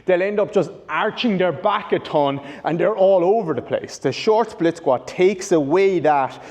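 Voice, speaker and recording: With a high, slightly mellow voice, a male rehab coach gives an unhurried, expressive demonstration, explaining each step and correcting himself. He's in a large training room with a whiteboard, and long reverb fills the recording.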